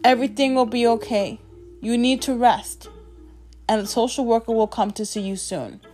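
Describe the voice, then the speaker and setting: Woman quoting a nurse, female, calm, soothing, slightly high voice. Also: normal speed, faint music behind, close to an everyday voice.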